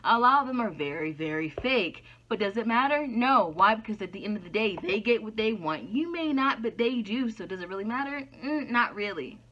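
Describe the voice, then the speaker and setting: A woman's voice: mid-range voice, animated, a little fast, hardly any pauses, a bit bright, a little hiss or hum. A woman talking frankly to camera in an opinion vlog, throwing out rhetorical questions and answering them herself. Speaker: YouTuber. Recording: dull lo-fi sound.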